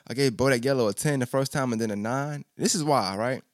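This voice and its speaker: A podcast host reviews an album in casual chat, stuttering often and repeating himself in loose slang. His medium-pitched voice is brisk, and the studio-quality audio has no room sound.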